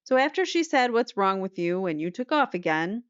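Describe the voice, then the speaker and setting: A woman's voice: medium pitch, sing-song, normal speed, clean tone, no echo, lightly acted. A woman voicing a courtroom prosecutor who cross-examines with pressing, repetitive questions. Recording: slightly muffled dry recording.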